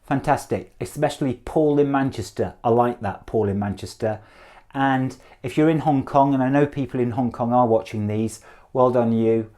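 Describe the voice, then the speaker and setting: Number drills for repetition come from a middle-aged Spanish teacher with an English accent. His medium-pitched delivery is brisk and encouraging, with a touch of gentle humor.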